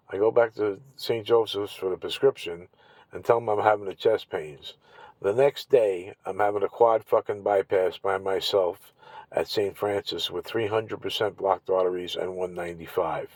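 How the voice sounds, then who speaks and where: A man telling his own story to camera, angry and profane, often clearing his throat and repeating himself. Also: low voice, no room sound, low-quality recording. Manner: bitter and indignant. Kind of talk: angry personal account to camera.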